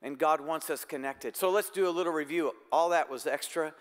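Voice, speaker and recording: Pastor, male, high and smooth, earnest conversational sermon, long church reverb. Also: brisk. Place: church sanctuary.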